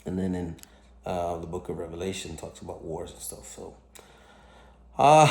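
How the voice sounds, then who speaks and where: Deep-voiced man rambling in an echoey room. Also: lively intonation, gravelly, a little mellow. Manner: halting, many fillers and restarts. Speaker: vlogger recounting dreams. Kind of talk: casual rambling monologue.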